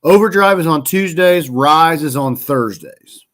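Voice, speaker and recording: A man with a fairly high, somewhat bright voice speaks a little slowly while co-hosting a relaxed podcast. He rambles casually through wrestling results, frequently pausing to correct himself and doubling back mid-sentence.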